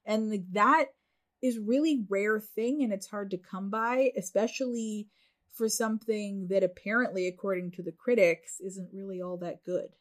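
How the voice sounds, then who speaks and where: A woman co-hosting a podcast in casual chat, enthusiastic and quick to laugh. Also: mid-range voice. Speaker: podcast co-host.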